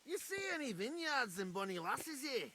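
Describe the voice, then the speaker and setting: An actor playing a blunt, taunting male soldier with a Scottish accent and a gravelly voice. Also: extremely high pitch, sing-song, normal speed, a crowd in the background. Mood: gruff. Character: gruff brawling male soldier who mocks newcomers.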